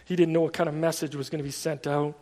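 A man with a high voice preaches in a relaxed, chatty manner, telling the story as if talking to friends. His words ring out with a long reverb, as in a large hall. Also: fast. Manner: casual storytelling with fillers like "like" and "kind of". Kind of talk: conversational sermon.

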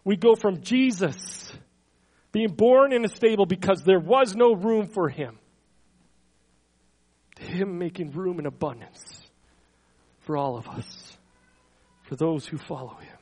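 A man's voice: high voice, low-quality recording. A man preaching a sermon, reading scripture with earnest emphasis and stumbling over words between quotes. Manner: earnest, slows and swells on scripture quotes, soft trailing endings; stumbles and repeats words when speaking freely. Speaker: pastor.

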